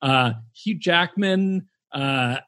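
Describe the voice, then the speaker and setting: A man's voice: a little high, drawn-out words, sharp tone, no room sound, studio quality. A man co-hosting a film review podcast, chatting casually and laughing easily. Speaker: podcast co-host.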